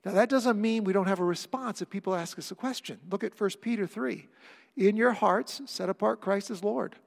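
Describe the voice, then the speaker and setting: A man preaching a sermon as pastor, building to impassioned near-shouting and then dropping to a quiet, conversational tone. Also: sits high, normal speed, creaky, in a large hall.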